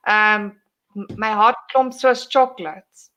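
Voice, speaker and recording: A woman hosts a casual livestream chat. Her voice is bright and fairly high, and she teases and giggles often. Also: steady tone, takes it slowly, smooth, muffled recording. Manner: giggly, teasing, laughs often. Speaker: streamer host.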